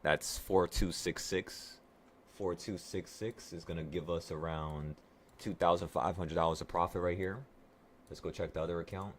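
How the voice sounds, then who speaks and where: Deep-voiced sick man narrating live trades. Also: moderate pace, slight background noise. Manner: excitable, profane, self-talking. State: sick, voice affected by illness. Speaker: trading vlogger. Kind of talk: live trading commentary to viewers.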